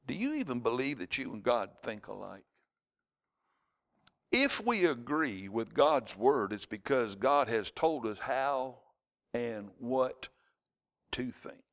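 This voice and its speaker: A man, preaching a sermon as pastor of his congregation, mixing scripture with personal stories and acted-out shouts. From United States. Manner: storytelling preacher, jumps to high shouted voices in anecdotes.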